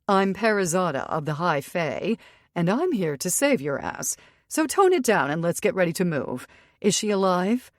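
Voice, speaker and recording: A woman voicing a calm, sharp-tongued female fae warrior in an audiobook reading. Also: lowish voice, normal speed, dry recording, studio quality, voice pushed up. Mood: brisk.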